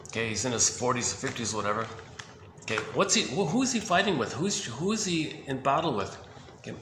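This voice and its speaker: A man's medium-pitched, sharp-toned voice carries a rambling, casual psychology talk from a video host who thinks aloud and keeps restarting. Faint hiss and a roomy echo color the recording.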